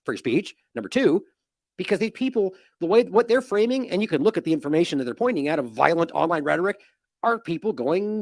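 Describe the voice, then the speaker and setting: Fast, animated man giving indignant news commentary. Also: a little high, no echo, clean studio sound. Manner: animated, indignant, mocking with sarcastic quotes. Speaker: independent news show host.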